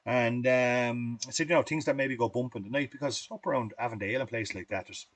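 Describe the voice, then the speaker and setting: A man's voice: medium pitch, fairly quick, dry recording. A middle-aged Irish man demonstrating fly tying on a livestream, chatting in a rambling, folksy way between steps.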